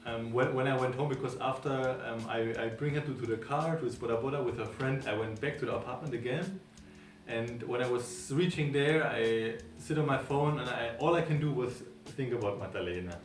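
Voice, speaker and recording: A young man from Germany telling how he met his partner in a calm, halting way, with many pauses and fillers. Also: mid-range voice. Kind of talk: casual storytelling. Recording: echoey room, mic at a distance, soft music under.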